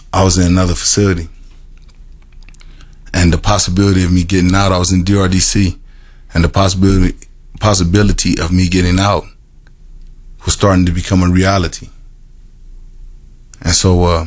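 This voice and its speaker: A deep-voiced middle-aged man shares his story with a small group. He speaks earnestly and haltingly, repeating words and restarting phrases as he goes. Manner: halting, repetitive storytelling with many restarts and fillers; earnest and emotional, laughs at himself. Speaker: formerly incarcerated man telling his story. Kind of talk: personal testimony to a group.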